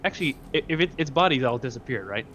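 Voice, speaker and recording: A man playing a tabletop game, upbeat and giggly, thinking out loud. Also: mid-range voice, lively intonation, fast, slight background noise. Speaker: player.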